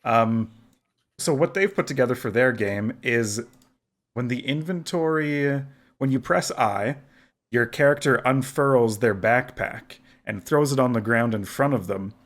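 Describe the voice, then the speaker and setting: A man's voice: medium pitch, unhurried. A man hosting a casual gaming podcast, easygoing, moving the talk along with curious questions. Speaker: podcast host.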